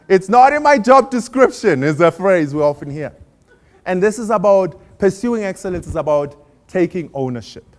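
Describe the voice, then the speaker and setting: A man from South Africa giving an inspirational keynote talk on stage, telling stories with humor and asking the audience questions. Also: fairly high pitch. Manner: storytelling, warm humor, asks the audience questions. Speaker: motivational speaker.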